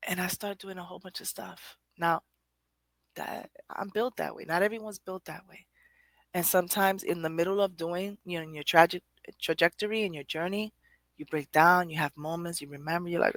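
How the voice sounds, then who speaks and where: A woman's voice: on the low side, no room sound. A woman hosting a poetry show, giving a rambling, conversational motivational talk straight to her audience with frequent laughter. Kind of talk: motivational monologue.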